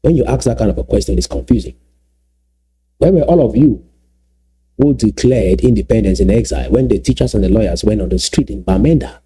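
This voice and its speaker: Male commentator, husky and mellow-toned, emphatic, repeats points slowly. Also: on the low side. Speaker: political commentator. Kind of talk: solo video commentary.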